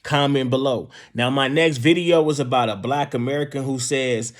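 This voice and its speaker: A man hosting a reaction video channel who introduces clips and reacts with slow, incredulous exclamations. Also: mid-range voice, fairly even intonation.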